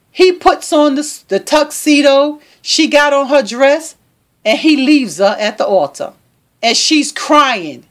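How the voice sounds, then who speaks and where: A woman hosting a podcast, talking in a high, lively voice that swoops up and down. She rants passionately and preaches with sass, taking her time. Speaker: podcast host. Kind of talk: opinion commentary monologue.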